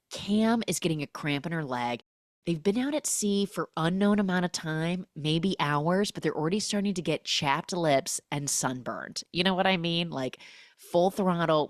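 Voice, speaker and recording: A woman's voice: sits low, no echo, clean studio sound. Chatty sarcastic woman podcast host. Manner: chatty, sarcastic, heavy use of "like". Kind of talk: casual film recap.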